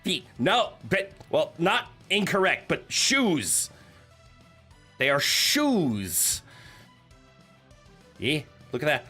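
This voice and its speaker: A man's voice: a little high, wildly swooping pitch, extremely slow, pauses often, pushed and bright, husky, faint music behind. A man streaming live, chatting casually with his viewers in a nervous, joking, giggly way. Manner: chatty, joking, talks to chat.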